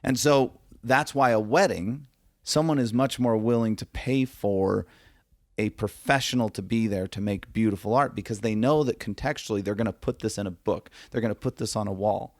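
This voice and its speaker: Low-ish guy guest on a podcast, punchy emphatic talk, dry close sound. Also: moderate pace, no room sound. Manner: emphatic, acts out quoted reactions. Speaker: guest photographer. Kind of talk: casual podcast conversation.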